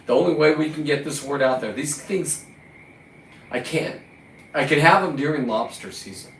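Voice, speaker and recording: In a ranting vlog monologue, a man from California who fishes lobster picks a profane fight with his catch, scolding the lobsters. His voice is a little high at normal speed, captured by a distant mic in a roomy space with faint background noise.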